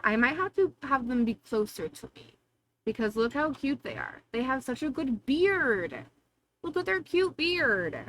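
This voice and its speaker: In a medium-pitched, slightly bright voice, a woman livestreams casually from her home setup, bubbly and affectionate with her viewers. The recording is low quality with slight background noise.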